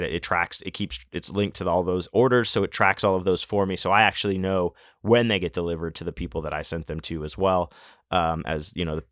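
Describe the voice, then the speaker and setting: A man with a fairly low voice hosts his podcast in a loose, rambling monologue. He trips over his words, restarts sentences and scatters in casual swearing. The sound is dry and close, with no room around it. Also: a bit bright, dry recording. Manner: rambling with many restarts and fillers. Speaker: podcast host.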